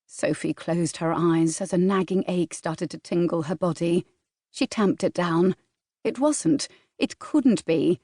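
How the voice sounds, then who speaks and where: Woman reading a romance audiobook, measured, mellow, dead dry close mic. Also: fairly low pitch, no room sound. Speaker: audiobook narrator. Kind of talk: scripted narration. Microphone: studio microphone, close.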